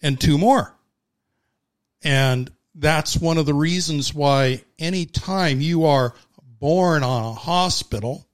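A man's voice: on the high side, smooth, dry recording, clean studio sound. A man talking as a podcast guest, laying out his views in a confident, lecturing way in casual political chat.

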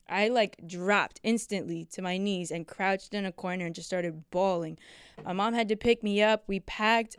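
A young woman recounting a painful family memory in loose, profane, conversational speech. Her voice is exceptionally clear and smooth, and the sound is dry and close with no room around it. She tells it in casual chat. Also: mid-range voice, dry recording. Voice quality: emotional, profane, quick storytelling.

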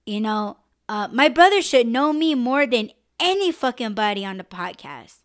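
A woman's voice: fairly high pitch, animated, moderate pace. A woman hosting a live-stream podcast, talking candidly and emotionally and swearing freely. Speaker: podcast host.

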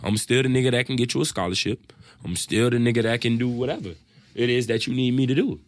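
A man, a rapper, telling his own stories in a loose, profane, animated way, often quoting what others said. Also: medium pitch, fast talker, no room sound. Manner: animated, profane storytelling with quoted voices. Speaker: rapper and guest. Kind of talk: casual storytelling chat.

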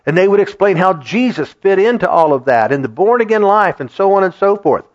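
Brief: middle-aged male pastor preaching, high and lively voice, dull lo-fi recording. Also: fairly quick. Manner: animated, conversational preaching to a congregation. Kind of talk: sermon. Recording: dull lo-fi sound.

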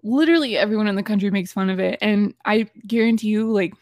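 A woman's voice: mid-range voice, fast talker, darkish tone, dry recording, studio quality. A young woman co-hosting a casual podcast, playful and teasing, with a sarcastic sense of humor. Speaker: podcast co-host. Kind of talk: casual chat.

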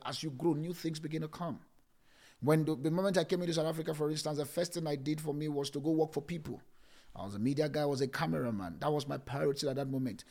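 A middle-aged man preaching a sermon, repeating phrases and switching between loud bursts and hushed lines. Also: fairly high pitch, vocal fry. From Nigeria. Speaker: pastor.

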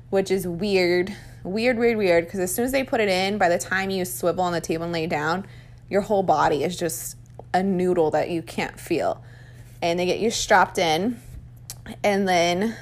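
A young woman casually telling her own birth story, chatty and candid with plenty of "um" and "like". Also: fairly low pitch. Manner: chatty and candid, many fillers like "um" and "like". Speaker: mother sharing a birth story.

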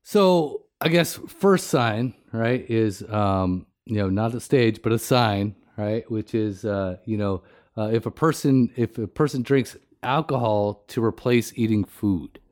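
A man co-hosting a casual podcast, rambling through his points with many "you know"s and quick laughs. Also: lowish voice, a little mellow, no echo, studio quality. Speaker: podcast co-host.

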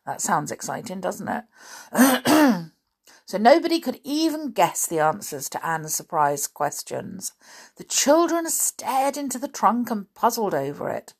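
A woman reading a children's adventure novel aloud, with chatty asides. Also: lowish voice. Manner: chatty asides and frequent throat clearing. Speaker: storybook reader.

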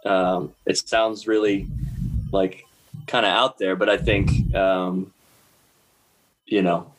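A man guesting on a casual podcast, answering in a reflective, halting way. His voice sits on the low side. He pauses often to search for his words. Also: flat delivery, rough recording. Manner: thoughtful, hesitant, reflective. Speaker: guest, filmmaker and musician. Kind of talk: casual interview chat.

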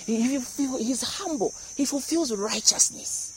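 Man doing God as a proud father, loud and high, bragging about his son. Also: unhurried, a little hiss or hum. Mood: delighted. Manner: boastful, shouting with joy.

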